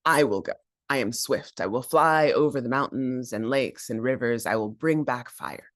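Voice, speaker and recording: Proud swift buzzard, voiced by a male storyteller, boastful, steady, dry close sound. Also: medium pitch, moderate pace, no echo, close to an everyday voice.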